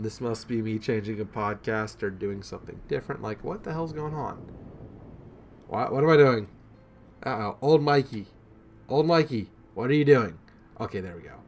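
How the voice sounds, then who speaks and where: A man's voice: on the low side, a little hiss or hum. A young man giving casual, self-deprecating commentary over his own gameplay, with lots of ums and rambling asides.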